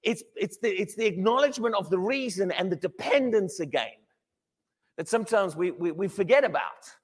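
A high-voiced man preaching with lively swings in pitch, stressing his points with repeated restarts. His voice rings through a large hall with a long reverb. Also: moderate pace, husky. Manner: animated, emphatic, with repeated restarts. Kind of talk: sermon.

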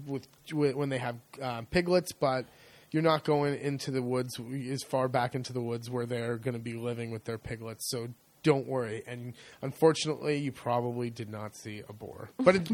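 A man's voice: medium pitch, darkish tone. A man co-hosting a podcast, explaining things in a casual, rambling way. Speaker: podcast co-host. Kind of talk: casual chat.

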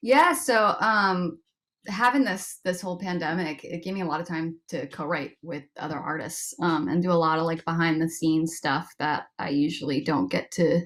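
A woman's voice: low voice, moderate pace. A young woman from the United States, a singer-songwriter guest, chatting casually on a video call and laughing often. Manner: giggly, relaxed, laughs often. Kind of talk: casual interview chat.

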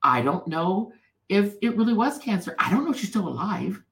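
Woman guest, gravelly texture, echoey room, earnest storyteller. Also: mid-range voice, big pitch swings, a little fast. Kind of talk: personal storytelling in an interview.

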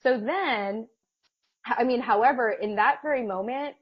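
A woman's voice: a little high, normal speed, breathy edge, dry recording. Chatty woman telling a story, muffled audio. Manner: chatty, laughs often, many fillers and restarts. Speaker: podcast co-host. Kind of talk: casual storytelling chat.

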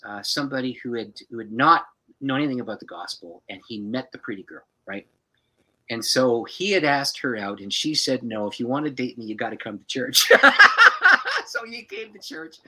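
A man who is a pastor, telling a personal story as a podcast guest in an animated way and chuckling often. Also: mid-range voice, poor audio.

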